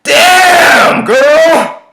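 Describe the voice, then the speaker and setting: A man voicing a crude, leering young man who yells from his truck, loud and mocking. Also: very high voice, drawn-out words, vocal fry, over a noisy crowd, very noisy, pitched above the performer's own voice, exaggerated voice.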